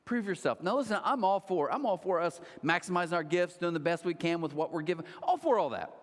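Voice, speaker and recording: A man in his thirties preaching a sermon, telling stories with lively acted-out quotes. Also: high-pitched, fast talker. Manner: animated storytelling with acted-out quotes. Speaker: pastor. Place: large church hall. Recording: long hall reverb.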